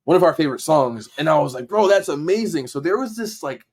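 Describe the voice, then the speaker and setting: A man's voice: on the high side, fast talker. Guy telling a story on a podcast, lots of like and bro, jumps into his own reactions. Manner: animated, acts out his own reactions in quotes; casual slang, frequent "like" fillers. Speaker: podcast guest, dancer and video editor. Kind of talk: casual storytelling.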